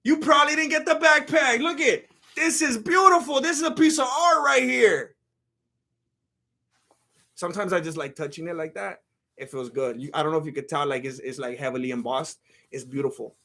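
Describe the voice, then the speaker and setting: A man hosting comedic commentary and a sponsor read, talking animatedly and stammering through restarts, jumping between loud outbursts and low mutters. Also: lively intonation, normal speed, vocal fry. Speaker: host.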